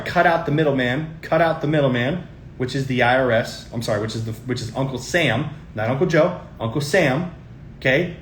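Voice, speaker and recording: Male show host, middle-aged, punchy and repetitive delivery, calls viewers guys; mid pitch, roomy sound. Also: a little hiss or hum. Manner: emphatic and repetitive, often addresses viewers as guys. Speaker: show host giving tax and investing tips. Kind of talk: casual talk to camera.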